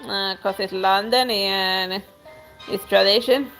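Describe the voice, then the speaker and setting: A woman's voice: medium pitch, fairly even intonation, slow pace, fairly bright tone, faint music behind. A woman streamer reading a story game aloud with narration and dry casual asides.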